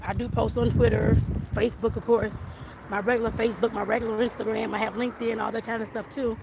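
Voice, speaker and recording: A woman's voice: a little high, little pitch movement, fast talker, vocal fry. A woman talking casually while walking outdoors, a little out of breath, rambling and repeating herself as she vlogs about her home business. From southern Arizona. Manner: rambling, repeats "like I said" and "I guess I put it that way". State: slightly out of breath. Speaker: vlogger, home baker and life coach. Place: outdoors on a hot sunny street. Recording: loud street and wind noise.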